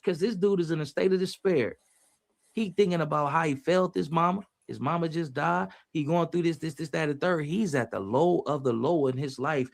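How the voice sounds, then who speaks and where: A man's voice: fairly high pitch, moderate pace, gravelly. A man giving casual, preachy motivational talk on a livestream, using street slang and repeating his phrases as he reads the chat.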